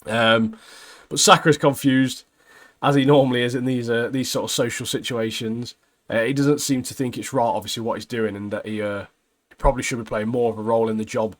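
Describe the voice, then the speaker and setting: A man's voice: mid-range voice, fairly even intonation, fairly quick. Rambling man recapping anime. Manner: rambling, many fillers, laughs at own retelling. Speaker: podcast co-host. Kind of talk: casual anime recap chat.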